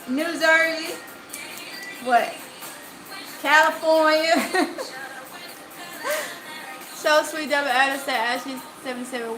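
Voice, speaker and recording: A woman's voice: high-pitched, rough recording. A woman with a Mississippi accent hosting a livestream, reading viewer comments aloud in a chatty way and laughing easily. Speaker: channel host.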